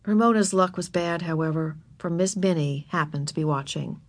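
A woman narrating a children's storybook in an expressive, animated reading. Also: lowish voice, normal speed, no echo.

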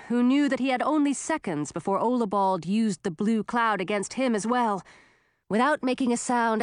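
A woman narrating a fantasy story in an expressive, dramatic reading style. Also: on the high side, no room sound, clean studio sound. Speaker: audiobook narrator.

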